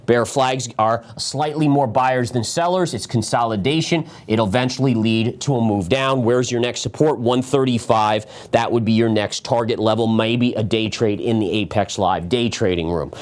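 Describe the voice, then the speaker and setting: A middle-aged man hosting a live market analysis show, talking emphatically and calling his viewers "guys", sometimes short of breath from talking fast. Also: mid-range voice. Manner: quick talk, sometimes winded. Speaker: market strategist and show host.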